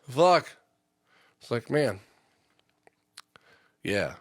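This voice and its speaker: A man's voice: medium pitch, normal speed, a bit bright, dry recording, studio quality. A man who works a union trade, hosting a podcast in a loose, rambling monologue full of swearing and fillers. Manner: profane, lots of fillers.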